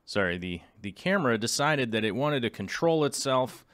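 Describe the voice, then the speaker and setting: A man's voice: mid-range voice, lively intonation, moderate pace, fairly bright tone, dry recording, clean studio sound. A man hosting a live stream in a goofy, playful, rambling way, chatting casually to his viewers. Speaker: livestream host. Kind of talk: casual livestream chat.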